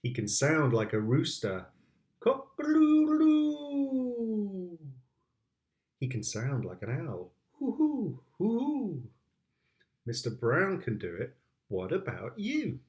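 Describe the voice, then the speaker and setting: A British father reads picture books aloud in a slow, lilting voice. His pitch rises and falls playfully as he adds sound effects for his child. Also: sing-song. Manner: slow and sing-song.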